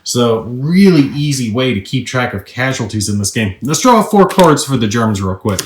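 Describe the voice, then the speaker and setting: A man's voice: mid-range voice, expressive, normal speed, few pauses. Chatty man demoing a board game in a roomy space. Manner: chatty and upbeat, explains rules as he plays. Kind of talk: casual tabletop gameplay walkthrough. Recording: roomy echo.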